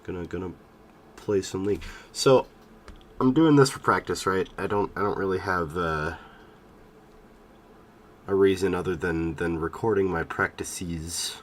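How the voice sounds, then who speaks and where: Low-voiced tired young man streaming. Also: measured pace, pauses often, slight background noise. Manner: rambling, hesitant, self-deprecating. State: sick and tired. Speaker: gaming streamer. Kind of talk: casual stream chat.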